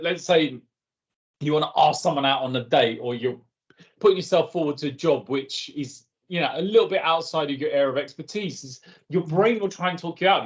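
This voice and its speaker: A man's voice: fairly high pitch, dull audio. A man leading an online workshop in a chatty, conversational way and calling on participants by name. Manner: lively and conversational, calls on participants. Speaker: workshop facilitator.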